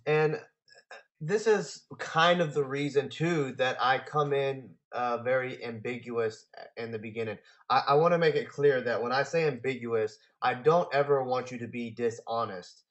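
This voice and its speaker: A man hosting a talk, relaxed and casual, answering viewer questions on sales with frequent fillers and restarts. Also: mid-range voice, normal speed, highs cut off.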